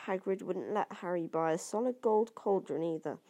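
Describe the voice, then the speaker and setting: A woman's voice: on the low side, moderate pace, hardly any pauses, dark tone. A woman doing an amateur audiobook reading, stumbling over words and restarting now and then. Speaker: reader.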